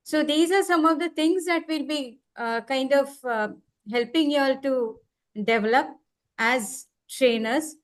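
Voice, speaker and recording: A woman with a high voice runs an online training session, explaining each step patiently. She repeats key words and slows down to spell out her examples. The sound comes through a computer mic on a video call. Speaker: trainer leading an online workshop. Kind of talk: live online workshop instruction.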